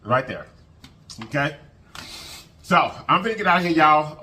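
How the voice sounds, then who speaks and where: A man's voice: on the high side, big pitch swings, normal speed, bright, forceful tone. A man vlogging an emotional personal story to his viewers, talking casually, repeating phrases and often thanking God. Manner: colloquial, addresses viewers as y'all. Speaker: mukbang vlogger.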